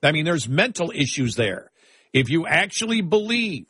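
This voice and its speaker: An older man from New York State, co-hosting a casual chat in an animated, emphatic way. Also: on the high side, normal speed, slightly rough, no echo, clean studio sound. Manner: animated, jumps into exaggerated mocking voices.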